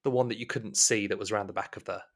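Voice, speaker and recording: A man's voice: on the low side, fairly even intonation, rapid-fire, creaky. A man narrating a tabletop horror game as game master, in a rambling way full of fillers.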